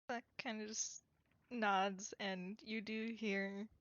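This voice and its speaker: A woman casually narrating her character in a tabletop role-play, halting and full of fillers. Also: mid-range voice, flat delivery, fairly bright tone, no echo. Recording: dull lo-fi, dry.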